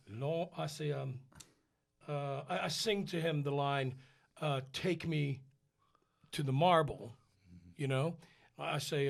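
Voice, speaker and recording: A man, an opera singer, telling a funny backstage story in casual chat, animated and laughing as he goes. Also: a little high, vocal fry.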